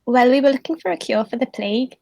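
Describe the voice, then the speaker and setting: A woman's voice: sits high, quick pace, gravelly, darkish tone, muffled recording. Young jungle healer, modest and hesitant, as a woman plays her, heard over a video call. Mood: earnest. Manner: hesitant, amused replies.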